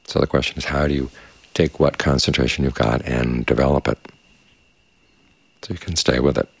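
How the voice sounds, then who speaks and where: Very deep gravelly calm meditation teacher. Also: male voice, no echo. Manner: calm, measured, unhurried. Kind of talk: dharma talk. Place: quiet meditation space with crickets outside.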